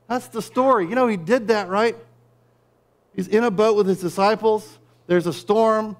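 At a moderate pace, a middle-aged pastor delivers his sermon, slipping in dry, chatty asides. He drops into soft, low passages before building to loud, driving high points.

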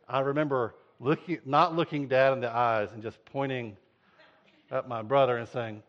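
A man preaching a sermon, telling a story in an animated way and acting out voices. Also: mid-range voice, normal speed. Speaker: pastor. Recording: dull lo-fi sound.

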